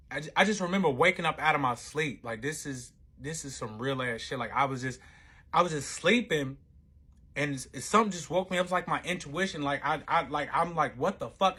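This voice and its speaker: Husky man telling a wild story. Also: medium pitch, pushed and bright. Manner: profane, rambling, self-interrupting. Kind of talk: casual storytime monologue.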